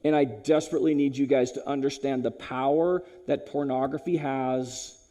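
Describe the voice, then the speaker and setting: A man giving a talk at a school chapel, animated and direct, swinging between loud punchy lines and low hushed ones, calling the listeners "you guys". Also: moderate pace. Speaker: chapel speaker.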